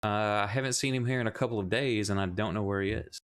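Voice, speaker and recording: Aloof male librarian, curt and condescending, low voice, as a man puts him on. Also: fairly even intonation, quick pace, clean tone, lightly acted.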